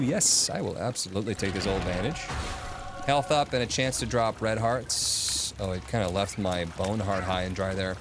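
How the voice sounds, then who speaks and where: A man's voice: fairly low pitch, normal speed. A man streaming a video game, chatting casually, thinking aloud and answering his chat. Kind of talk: casual gaming commentary. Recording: game music playing behind.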